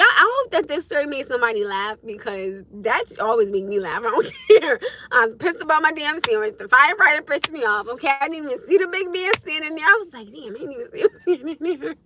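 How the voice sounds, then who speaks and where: Bright-voiced woman telling a story live. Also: mid-range voice, a little hiss or hum. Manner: animated, laughing, swearing freely. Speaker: livestream host. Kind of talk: casual storytelling livestream.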